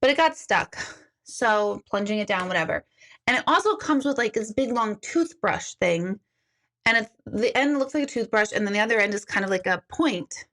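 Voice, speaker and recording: A woman's voice: mid-range voice, lively intonation, normal speed, fairly bright tone. A woman chatting casually with viewers on a live stream, telling stories, laughing and reading out their comments. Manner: chatty storytelling, laughs often, reads viewer comments aloud. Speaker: intuitive hosting a live chat.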